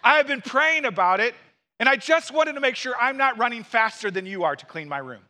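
A man's voice: very high voice, lively intonation, brisk, bright, forceful tone, pitched above the performer's own voice, full character voice. A man putting on a pious child's excuse voice. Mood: mock-pious. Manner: mock-solemn, flowery. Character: child replying in overly formal, pious excuses.

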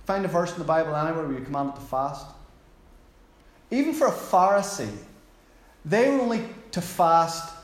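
A man's voice: on the high side, expressive, normal speed, long pauses, echoey room. A man preaching a sermon in a conversational way, asking the congregation questions.

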